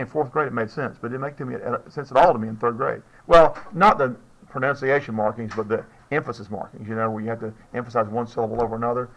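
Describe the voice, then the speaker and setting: A man teaching chemistry to a classroom of students. His pitch sits in the middle range, and he speaks in a loose, chatty way. He jokes now and then and keeps checking whether the class is following. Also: creaky, a bit bright, muffled recording. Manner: casual, joking, checks in with students often. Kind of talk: classroom lecture.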